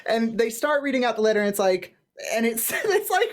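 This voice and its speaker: A man co-hosting a podcast in casual recap chat, animated and laughing often as he quotes lines. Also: very high-pitched, normal speed. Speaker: podcast co-host. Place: home room with light fan noise.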